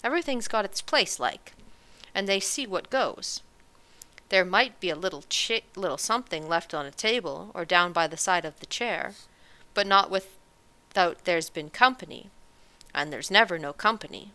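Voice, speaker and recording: A woman's voice: lowish voice, lively intonation, moderate pace, pushed and bright. Woman voicing a weary tiny father. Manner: weary, homely rustic phrasing. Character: weary, plain-spoken tiny father, countryman.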